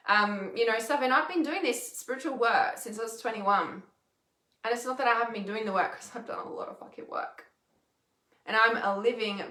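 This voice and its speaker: Bright candid woman in an echoey room. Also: medium pitch. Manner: candid, laughs often, swears casually. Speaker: intuitive healer and mentor, livestream host. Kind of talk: casual livestream chat reading comments.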